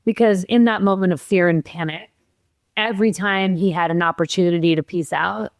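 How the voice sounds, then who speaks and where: A woman guest on a podcast tells a personal story in an animated, expressive way, lively in her voice and acting out what others said. She sounds close to the mic in a dry room, middle-aged, and near tears at times. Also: fairly low pitch, moderate pace, dry recording. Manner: animated, acts out quotes, laughs while telling. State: tearful at moments.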